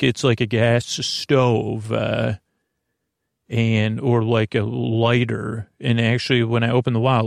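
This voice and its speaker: Gravelly, rambling man hosting a podcast. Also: medium pitch, dry recording, clean studio sound. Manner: digressive, full of restarts and asides. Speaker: podcast host. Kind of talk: rambling, meandering podcast monologue.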